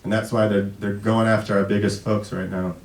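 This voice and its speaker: A man in his thirties giving an emotional tribute speech at a memorial event, halting and full of restarts, sometimes fighting back tears. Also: lowish voice, little pitch movement. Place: event hall. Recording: echoey hall, far from the mic.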